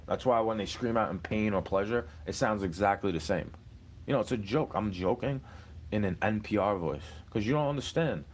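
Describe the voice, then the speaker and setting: Low-voiced man in a profane rant. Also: darkish tone, slight background noise. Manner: angry, profane, confrontational ranting. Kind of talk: ranting monologue.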